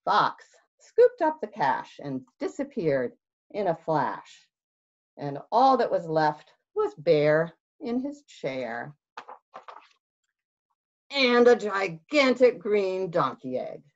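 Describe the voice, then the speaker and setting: Lively, slow-reading children's librarian woman. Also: lowish voice. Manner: expressive, sing-song read-aloud. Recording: dull lo-fi recording.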